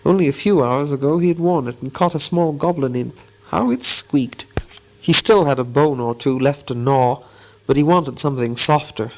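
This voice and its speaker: A man reading an audiobook aloud with measured, expressive storytelling. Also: mid-range voice, rough recording. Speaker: narrator. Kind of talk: scripted audiobook narration.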